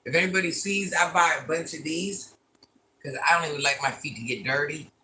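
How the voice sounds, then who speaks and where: Reading viewer comments aloud on a phone livestream from her living room, a woman of about fifty teases back in a chatty, repetitive, playful manner and calls herself Granny. She talks a little fast in a low-pitched voice that sounds pushed and bright.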